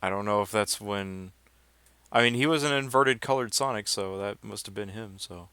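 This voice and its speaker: A man with a low voice talks in a laid-back, rambling way full of fillers while playing games on a livestream. His voice sounds dry and close, with no room around it. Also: normal speed, bright, forceful tone, clean tone, no room sound. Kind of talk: casual livestream chat.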